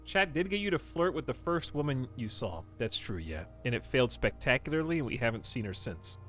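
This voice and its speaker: A man's voice: medium pitch, very animated, a little fast, a bit bright. A man streaming a game, rambling casually and talking straight to his chat. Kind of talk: casual livestream chat while playing a game.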